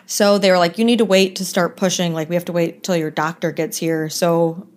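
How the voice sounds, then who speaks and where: A woman's voice: lowish voice, fairly even intonation, a little fast. A young woman telling a personal story as a podcast guest, candid and conversational, with many "like" fillers.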